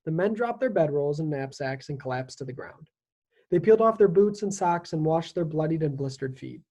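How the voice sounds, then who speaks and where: Expressive reader narrating a children's novel. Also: medium pitch, a little fast. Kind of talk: reading a children's novel aloud.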